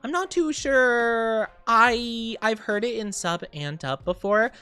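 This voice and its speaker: A woman's voice: on the high side, slow pace, pushed and bright, clean tone, faint music behind. A young woman streamer chatting casually with her viewers, rambling and giggling often.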